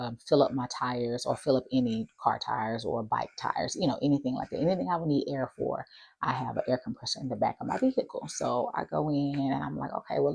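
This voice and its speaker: A woman with a low, husky voice and a touch of gravel tells a personal story to her viewers. She speaks in a chatty, animated way and mimics the voices of the people in her story. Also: dry recording. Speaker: vlogger. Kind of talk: casual storytelling to camera.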